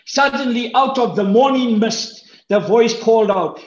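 Slow, high-voiced preacher in an echoey room. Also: male voice. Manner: animated, acts out voices with big pitch jumps. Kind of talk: sermon. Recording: roomy echo, dull lo-fi sound.

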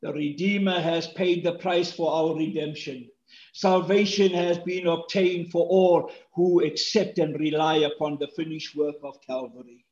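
A male pastor preaching a sermon, swinging from hushed tones to shouts and repeating key phrases for stress. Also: a little high, fairly even intonation, unhurried, echoey room, dull audio.

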